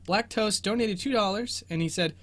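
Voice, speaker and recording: A young man with a bright, forward voice pitched a little high hosts a relaxed live Q&A from his bedroom. He rambles through guesses, pokes fun at himself, and laughs easily as he answers viewers. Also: moderate pace. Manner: rambling, self-deprecating, laughs often. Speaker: host of a game exploration show. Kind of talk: casual livestream Q&A commentary.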